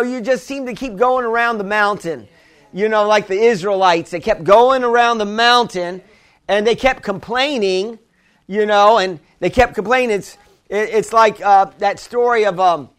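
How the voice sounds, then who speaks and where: A man with a notably high voice preaches a sermon to his congregation. He talks in a loose, conversational way, full of restarts and asides, and builds toward emphatic calls to the church. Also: fairly bright tone. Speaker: pastor.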